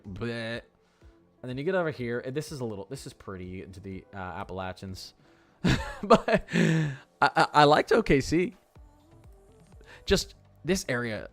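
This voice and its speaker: Excitable young male weather streamer. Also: fairly low pitch. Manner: chatty, excitable, heavy use of "like". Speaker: weather livestream host. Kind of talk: casual live-stream chat.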